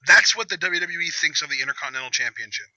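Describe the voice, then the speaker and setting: A man's voice: a little high, expressive, fast, bright, forceful tone, dry recording, muffled recording. A young man hosting a live reaction chat who jabs at his co-host with dry, sarcastic teasing.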